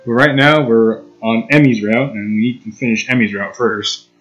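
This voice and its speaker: A young man reading game text aloud in a relaxed, chatty way, laughing and breaking off for asides. His voice sits in an ordinary middle range. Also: medium pitch, normal speed, dull audio, faint music behind. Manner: casual, giggly, with restarts and asides. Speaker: let's play host reading a visual novel.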